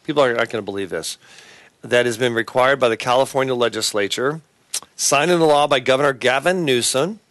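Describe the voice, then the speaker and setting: A man hosting a Christian talk show, talking earnestly and haltingly, with many fillers and restarts. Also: medium pitch, a bit bright, dry recording. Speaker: host.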